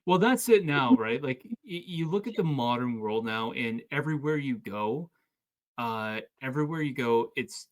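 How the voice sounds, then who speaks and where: A man hosts a casual podcast, telling anecdotes in an animated way with frequent restarts. His pitch sits in the middle of the usual male range. He sounds relaxed and conversational. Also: moderate pace. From Canada. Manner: storytelling, animated, stumbling restarts. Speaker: podcast host.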